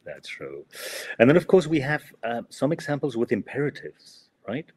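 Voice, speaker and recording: A man's voice: mid-range voice, big pitch swings, normal speed, a little hiss or hum. A man teaching English grammar in a casual podcast chat, hesitant, full of fillers and "no?" tags. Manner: hesitant, many fillers, ends with "no?".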